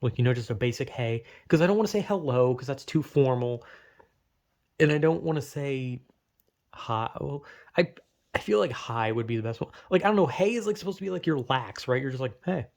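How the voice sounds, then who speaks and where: A young man talking to himself in a loose, rambling monologue. He trips over his words and restarts, swears casually, and slips into quick imitations of imagined people. His voice sits at an ordinary middle pitch. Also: expressive, vocal fry, a little mellow. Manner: rambling, self-interrupting, swears often, acts out imagined voices. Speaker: vlogger.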